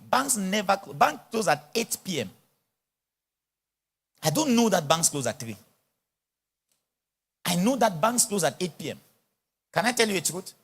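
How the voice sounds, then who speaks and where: A man preaching a sermon at a conference, speaking with an influence and acting out little dialogues. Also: fairly high pitch. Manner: animated, mixes in pidgin English and acted-out dialogue. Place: large church or conference hall.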